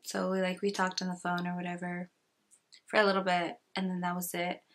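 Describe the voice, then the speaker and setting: A woman's voice: lowish voice, completely flat delivery, brisk. Chatty young woman telling a story. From California. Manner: chatty, peppered with "like", sassy asides. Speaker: YouTuber. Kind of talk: casual storytime.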